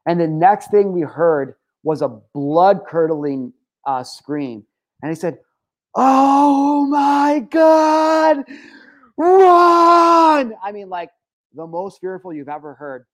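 A man's voice: a little high, a little slow, dark tone. A man in his thirties telling a personal story to his viewers in a casual, emphatic way, swearing often and restarting his sentences. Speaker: vlogger recounting a personal story.

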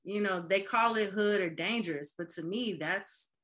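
A woman in casual podcast chat, animated, laughing often and acting out quoted voices. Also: mid-range voice, normal speed. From Midwest.

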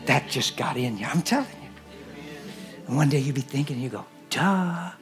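A man preaching a sermon and leading prayer, earnest, moving between hushed whispers and loud exclamations. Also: mid-range voice, a little fast, faint music behind. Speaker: guest preacher. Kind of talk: sermon with altar call and prayer. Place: church service.

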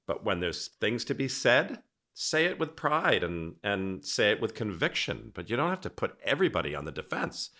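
A man's voice: on the low side, big pitch swings, fairly quick, sharp tone. A man hosting a podcast interview, telling rambling stories in a casual, chatty way. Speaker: podcast host.

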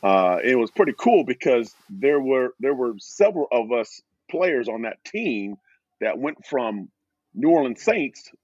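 A middle-aged man, once a pro football player, recounts a memory with animated, husky delivery. His pitch rises and falls widely as he acts out both sides of a conversation. The sound is dry and a little dull, like a lo-fi recording. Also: a little slow, no room sound. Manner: animated storyteller, acting out quoted exchanges in a higher voice. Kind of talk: storytelling in a podcast interview.

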